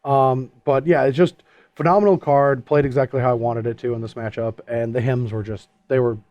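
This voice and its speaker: A man co-hosting a casual post-match chat, animated and quick to laugh. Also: medium pitch, no echo, muffled recording. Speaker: co-host.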